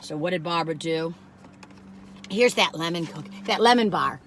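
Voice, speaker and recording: An older woman with a lowish voice talks at normal speed over a little hiss or hum. She's reviewing cookies on her food vlog, casually rambling and easily sidetracked into tangents.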